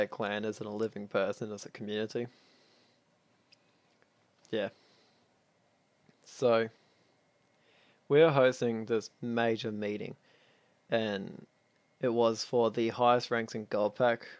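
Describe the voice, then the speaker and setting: Brief: male storyteller, gravelly low-key delivery, dry close sound, rambling and offhand. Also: no echo. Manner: rambling, offhand, chuckles while telling. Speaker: clan founder recounting history. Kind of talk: casual spoken storytelling.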